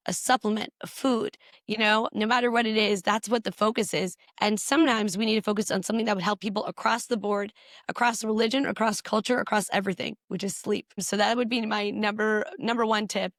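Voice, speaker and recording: A woman physician answering interview questions and explaining health tips briskly, repeating points for emphasis. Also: medium pitch, steady tone, a bit bright, no echo, studio quality. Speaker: physician guest.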